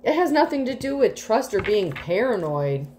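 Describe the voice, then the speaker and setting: A woman's voice: fairly high pitch, big pitch swings, moderate pace, noisy background. A woman giving a casual tarot reading to the collective, rambling with many fillers, swearing freely and getting emotional. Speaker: tarot reader.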